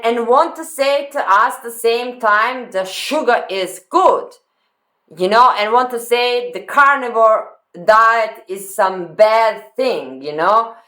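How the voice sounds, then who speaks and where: A woman hosting a reaction video, commenting on a clip in halting phrasing that repeats words as she goes. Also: a little high, bright, forceful tone.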